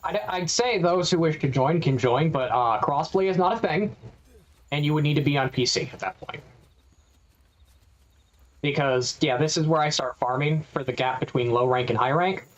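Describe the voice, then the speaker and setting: A man's voice: on the high side, normal speed, dull audio. A man streaming a game, casually thinking aloud in stop-start phrases and talking to his chat. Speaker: gaming streamer. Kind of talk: casual live-stream commentary while playing.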